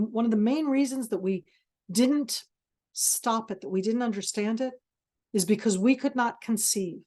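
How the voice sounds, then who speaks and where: A woman's voice: fairly high pitch, a little mellow. A woman giving a passionate webinar talk, intense and emphatic, stopping and restarting as she searches for words. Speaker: webinar speaker. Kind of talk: passionate lecture. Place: video call.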